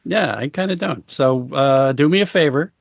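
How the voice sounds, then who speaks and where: A man as an interview guest, talking casually in a halting way with many fillers and deadpan jokes. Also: mid-range voice, creaky, no echo, studio quality. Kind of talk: casual conversation.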